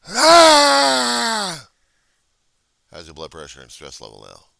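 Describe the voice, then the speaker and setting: Man, deep gravelly voice, sarcastic, profane, animated, bright tone. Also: fast talker, no echo. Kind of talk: casual chat.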